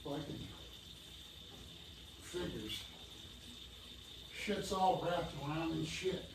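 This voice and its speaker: A man's voice: fairly high pitch, drawn-out words, vocal fry. A man building model train benchwork mutters, grunts and curses to himself while he works, out of breath. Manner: grumbling, cursing, grunting with effort. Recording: roomy, distant mic, noisy background.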